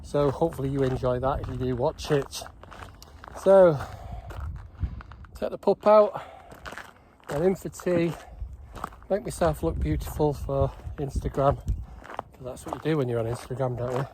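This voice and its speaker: A man's voice: medium pitch, measured pace, long pauses, mellow, slight background noise. An older man, rambling chattily through a casual vlog. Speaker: gas training vlogger.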